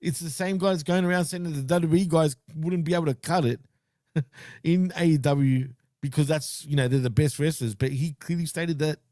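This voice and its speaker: A slightly high, dark-toned male voice at a normal pace comes through a dry, clean studio recording. He's a podcast co-host chatting casually about wrestling recaps, blunt and opinionated, and he laughs along with the conversation.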